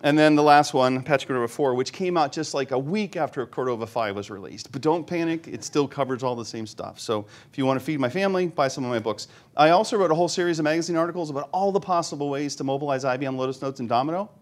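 A middle-aged man gives a live technical presentation to a conference audience in a room, chatting, joking, and often putting questions to the crowd. His medium-pitched voice races along with hardly any pauses.

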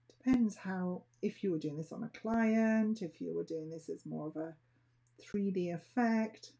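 A woman demonstrates nail art, talking slowly and casually as she thinks aloud. Her voice sits low and gravelly, with a husky, dark, mellow tone. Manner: chatty, thinking aloud while working.

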